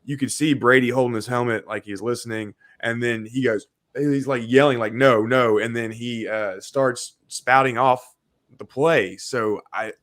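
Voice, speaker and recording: A man's voice: mid-range voice, steady tone, moderate pace, a bit bright, dry recording. A man co-hosting a sports podcast, chatting casually and laughing easily. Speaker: podcast co-host.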